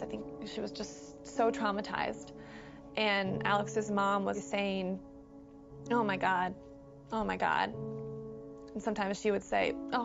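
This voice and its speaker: A woman in a documentary interview, recalling events in a measured, sober way. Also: medium pitch, vocal fry. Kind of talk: documentary testimony. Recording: slightly muffled film audio.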